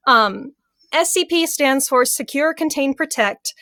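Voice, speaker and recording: A woman's voice: sits high, expressive, unhurried, bright, forceful tone, no echo, studio quality. A woman co-hosting a podcast in casual chat, giggly and eager as she explains a favorite hobby. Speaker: podcast co-host.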